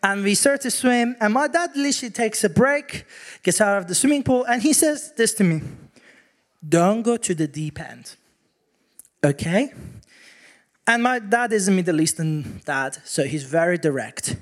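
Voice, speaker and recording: A man preaching a sermon, telling a personal story with animated acted-out quotes. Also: sits high, moderate pace.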